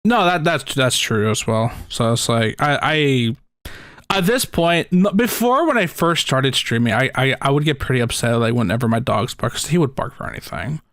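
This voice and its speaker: A man hosts a casual podcast, rambling from one joke to the next and laughing often. His voice has a gravelly edge at an ordinary middle pitch, and the sound is dry and close to the mic. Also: lively intonation, moderate pace, fairly bright tone, no room sound. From United States. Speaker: podcast host. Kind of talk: casual chat.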